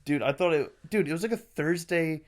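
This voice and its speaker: Young male podcast co-host, a bit high-voiced, lively and foul-mouthed while telling stories. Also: brisk. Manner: animated, swears a lot, acts out quotes. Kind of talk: casual storytelling chat.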